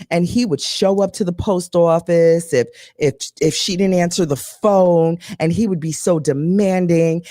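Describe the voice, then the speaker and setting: A woman hosting a casual talk show, telling a gossipy story in an animated way and acting out what others said. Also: on the low side, no echo, clean studio sound. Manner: animated, gossipy, acts out quotes. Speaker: show host.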